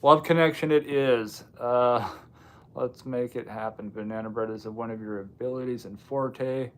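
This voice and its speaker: A livestream host from Washington State, US, chats loosely and unhurriedly, reading viewer comments and answering with dry little asides. His ordinary middle-pitched voice goes straight into a home streaming mic, and his offhand talk is full of frequent ums.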